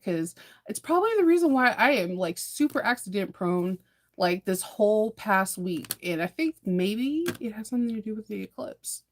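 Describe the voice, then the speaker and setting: A woman, chatting casually to her viewers in a sewing vlog, laughing often and repeating words as she restarts. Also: medium pitch. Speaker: sewing and bag-making vlogger.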